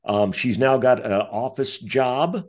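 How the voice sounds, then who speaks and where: Male interview guest, vivid storyteller who acts out other people's voices, very expressive pitch. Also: takes it slowly. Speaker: author and guest. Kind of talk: animated storytelling.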